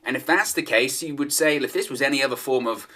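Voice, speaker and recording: A man's voice: mid-range voice, fast talker, pushed and bright. A man giving solo opinion commentary on wrestling news, in a conversational manner and repeating his points for emphasis.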